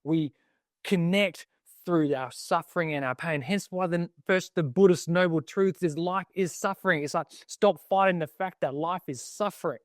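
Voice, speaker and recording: A man's voice: fairly high pitch, dry recording. Australian male podcast guest, reflective and earnest, casual filler-heavy delivery, dry room. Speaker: guest, army veteran.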